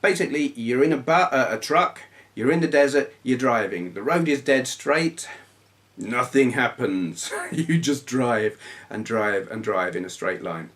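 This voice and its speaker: A man's voice: mid-range voice, lively intonation, unhurried, a bit bright. A man in his thirties chatting casually in a vlog, telling grumbly stories in a blunt, swearing manner. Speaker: retro gaming YouTuber. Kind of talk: casual rambling vlog chat.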